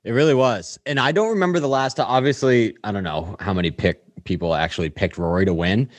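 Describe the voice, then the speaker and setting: A man hosting a podcast in relaxed, casual sports chat, with loose phrasing and easy laughs. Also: on the low side, fast, no room sound. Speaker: podcast host.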